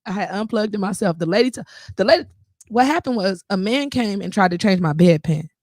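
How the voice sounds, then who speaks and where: A woman's voice: medium pitch, animated, brisk, darkish tone, no echo, studio quality. A woman guest in a casual interview, telling her story with animation and acting out what people said.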